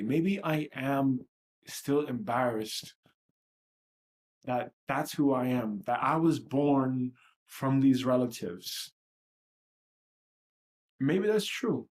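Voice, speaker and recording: A livestream host speaks in a medium-pitched, darkish voice, delivering a candid monologue that is blunt, profane and self-reflective.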